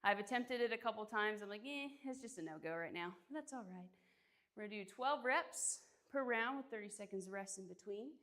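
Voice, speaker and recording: A woman's voice: fairly high pitch, fairly quick, fairly bright tone. A young woman streaming her workout, out of breath, chatting casually and greeting viewers by name between exercises. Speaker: fitness streamer.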